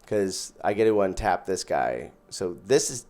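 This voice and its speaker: A man's voice: sits low, big pitch swings, a little slow, a little mellow. A man giving casual gameplay commentary as host, thinking aloud and counting out his mana as he plays. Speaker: gaming channel host.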